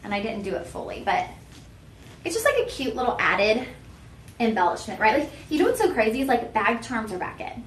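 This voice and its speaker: On a live shopping show, a young woman chats straight to her viewers and pokes fun at herself, sounding very animated and a little fast. Her pitch runs slightly high, and the roomy studio carries a faint hiss.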